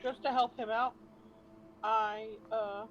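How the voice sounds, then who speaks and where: A woman's voice: on the high side, little pitch movement, slow pace, muffled recording, slight background noise. A woman playing a tabletop game, eagerly chiming in with ideas to help. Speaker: player.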